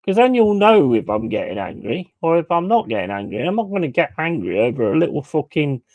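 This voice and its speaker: A man's voice: on the high side, brisk, dry recording. A man chatting casually, acting out other people's lines in a mocking tone. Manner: animated, mocking quotes of others. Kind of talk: casual pub chat.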